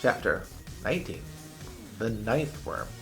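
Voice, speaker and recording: A man reading a children's chapter book aloud as a teacher, in a slow, expressive way. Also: lowish voice, music in the background.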